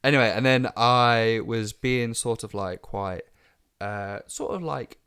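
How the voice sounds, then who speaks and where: A man's voice: mid-range voice, a little slow, a bit bright, smooth. A man guesting on a podcast, talking reflectively about himself in a casual chat. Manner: reflective, talks through his own thoughts.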